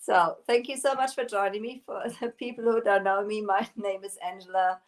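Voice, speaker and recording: A woman's voice: medium pitch, fairly even intonation, normal speed. A woman with a German accent hosting a casual live stream about her craft shop, chatty and laughing often as she reads viewer comments. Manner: giggly, laughs often while talking.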